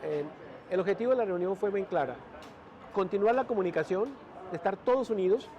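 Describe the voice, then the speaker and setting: A man's voice: high-pitched, fast talker, warm tone, highs cut off. A man with a Colombian accent giving a speech at a podium as a community leader, hesitant and repeating words. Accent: Colombian Spanish. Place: indoor event hall. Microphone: podium mic.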